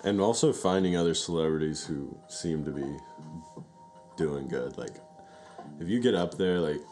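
Deep-voiced man, rambling podcast chat. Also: moderate pace, faint music behind. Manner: rambling, profane, animated retelling. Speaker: podcast co-host. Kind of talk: casual chat.

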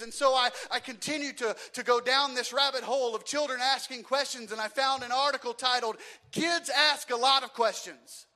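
A man from Louisiana preaching a sermon in church, telling stories and acting out voices, building to shouts. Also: very high-pitched.

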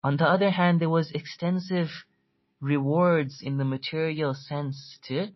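A man giving a storytelling religious lecture, earnest, quickly reciting Arabic quotations between his explanations. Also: a little high, fairly even intonation, muffled recording. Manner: earnest, tells stories, quotes Arabic quickly.

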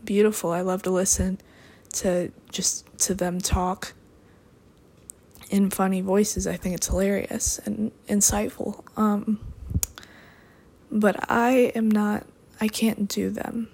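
Deadpan young woman rambling. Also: medium pitch, slow pace, husky. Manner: deadpan, meandering, with dry asides. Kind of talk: rambling solo monologue.

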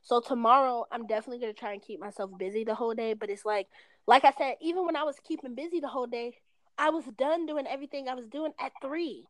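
A woman in her twenties rambles casually on a phone call, her voice on the high side and quick, with no echo. She swears often and leans on "like" as filler.

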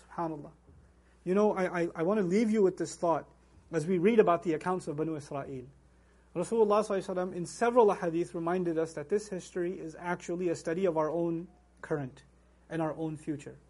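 Man, religious lecture, high voice, rapid delivery, emphatic, recites Arabic verses. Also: a little mellow. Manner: emphatic, acts out quoted voices. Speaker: Quran teacher.

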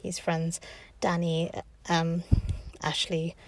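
A woman's voice: on the low side, monotone, slow pace. A woman telling a chatty, casual story about her week. She laughs often and acts out other people's lines. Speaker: vlogger.

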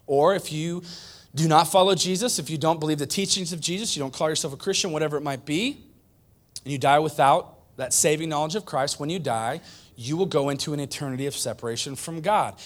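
A man's voice: on the high side, brisk. A male pastor preaching a conversational sermon, repeating points for emphasis. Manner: conversational, emphatic repetition, animated.

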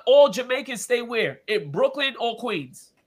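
A man's voice: very high voice, very animated, a little slow. A young man co-hosting a casual sports podcast, ribbing his partner in playful argument. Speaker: podcast co-host.

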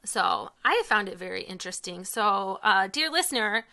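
A woman's voice: medium pitch, animated, moderate pace, few pauses, pushed and bright. A woman in her thirties chatting casually as a podcast co-host, enthusiastic and full of fillers. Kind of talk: casual chat.

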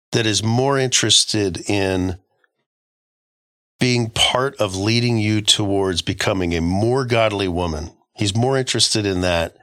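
Middle-aged man, podcast guest, forceful tone, low-ish voice, rambling, restarts, dry close sound. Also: no echo. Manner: rambling storyteller, frequent restarts. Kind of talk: casual podcast discussion.

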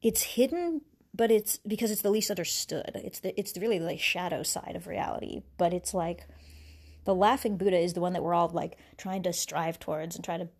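A lowish, slightly mellow female voice with a breathy edge, at normal speed. She hosts a podcast and muses about spirituality in a casual, meandering manner. Laughter breaks up her thoughts, and she restarts sentences often, with lots of fillers.

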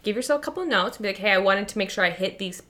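A woman's voice: medium pitch, expressive, racing, sharp tone. A young adult woman co-hosting a podcast, rambling and self-mocking in casual chat, laughing often. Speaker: podcast co-host.

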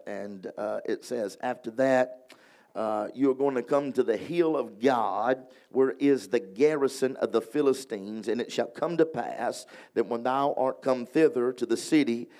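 A man's voice: mid-range voice, darkish tone. A man with a Louisiana accent, an evangelist preaching a revival sermon to a congregation and drawing call-and-response from them. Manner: reads scripture slowly, prays with rising intensity. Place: revival hall before a congregation.

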